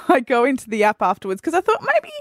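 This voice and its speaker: A woman's voice: high voice, huge pitch swings, brisk, no echo, studio quality. A woman co-hosting a radio show, telling a story in casual on-air banter with playful teasing. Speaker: radio co-host.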